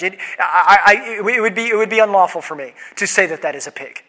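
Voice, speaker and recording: Male pastor giving a chatty sermon, highish voice, jokes and asks the room stuff. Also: quick pace, sharp tone, long reverb tail. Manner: conversational and joking, asks the room questions. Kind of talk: sermon with congregation questions.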